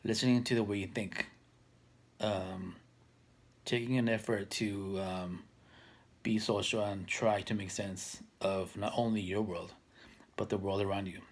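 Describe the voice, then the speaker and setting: A man in his thirties talking casually to camera, soft-spoken and hesitant, with many fillers and restarts that trail off quietly. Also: fairly low pitch, steady tone, measured pace, long pauses. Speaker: vlogger.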